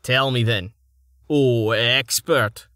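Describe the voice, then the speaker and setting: A man's voice: mid-range voice, fairly even intonation, extremely slow, no echo, clean studio sound. A man voicing a brash, argumentative male character who mocks and bickers in an audiobook. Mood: mocking. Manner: mocking, loud, argumentative. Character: brash, mocking male know-it-all.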